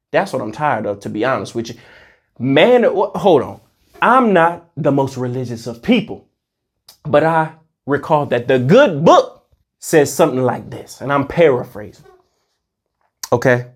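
Vlogger with a lively, swooping delivery, giving a heated, preachy and profane rant. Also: medium pitch. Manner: swings between loud outbursts and muttered asides. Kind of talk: ranting monologue to camera.

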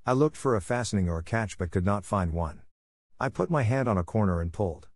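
A man narrating a ghost story in a measured, formal first-person telling. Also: on the low side, animated, no room sound, studio quality.

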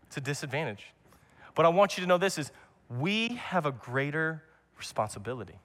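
Young male pastor, earnest sermon delivery with repetitions, fairly high voice, long church reverb. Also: fairly bright tone. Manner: earnest, repetitive preaching with restarts.

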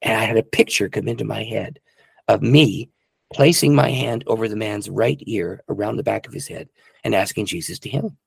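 A man's voice: on the low side, fairly quick, gravelly, breathy edge, dry recording. A middle-aged male pastor telling a personal testimony in an earnest, emotional way. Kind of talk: testimony storytelling.

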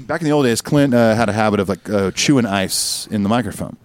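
A man's voice: lowish voice, expressive, a little fast. A man co-hosting a podcast in casual chat, friendly and chatty as he gives advice. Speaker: podcast co-host.

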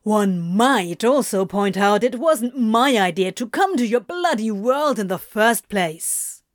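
A woman's voice: medium pitch, slow pace, dry recording, clean studio sound, natural voice. A woman voicing a sneering male demon who drawls mockingly.

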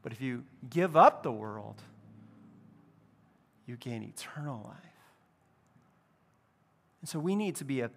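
A man pastor preaching a lively, conversational sermon in a church. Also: medium pitch, unhurried, creaky, pauses often. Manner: conversational, animated preaching with casual asides. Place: church building.

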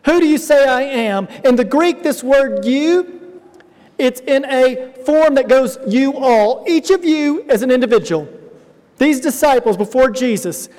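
A man's voice: very high voice, animated, unhurried, darkish tone. A male pastor preaching a sermon in a church, explaining emphatically and speaking directly to the congregation. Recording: reverberant hall.

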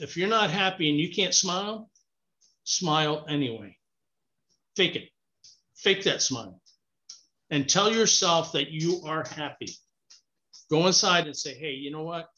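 A man's voice: on the high side, animated, unhurried, long pauses, bright, forceful tone. A man talking casually and encouragingly, often repeating himself and saying "you know". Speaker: interview guest. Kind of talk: casual advice conversation. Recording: dull lo-fi sound.

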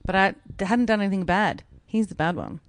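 A woman, co-hosting a podcast, telling a story in a lively way, acting out what others said and swearing freely. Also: mid-range voice, a little fast. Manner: animated storytelling, acts out quotes, swears freely. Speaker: podcast co-host. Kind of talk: casual chat.

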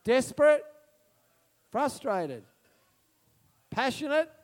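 A man preaching a passionate sermon, swinging between loud proclamation and soft musing and calling out to the congregation for responses. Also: extremely high pitch, sing-song, slow.

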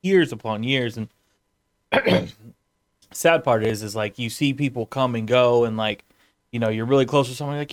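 A man's voice: medium pitch, moderate pace, no room sound, studio quality. A young man, a streamer, chatting casually in a rambling way and laughing often. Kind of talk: casual podcast chat.

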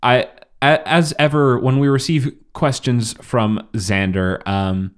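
A man's voice: mid-range voice, fairly even intonation, slow pace, smooth. A man co-hosting a podcast, joking and teasing in casual chat. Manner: dry, teasing jokes. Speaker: podcast co-host.

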